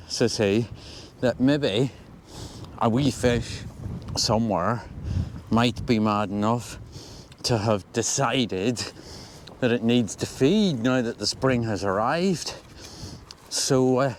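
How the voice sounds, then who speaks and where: An older Scottish man talking casually to the camera as he walks across a windy moor, rambling and dryly humorous. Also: lowish voice. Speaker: angling vlogger. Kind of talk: casual walking commentary. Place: outdoors on a windy moor by a loch.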